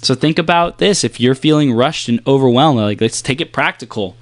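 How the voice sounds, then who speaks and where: A man giving a motivational coaching talk, emphatic and repetitive, playing with pace and long pauses. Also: mid-range voice, no echo. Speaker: performance coach.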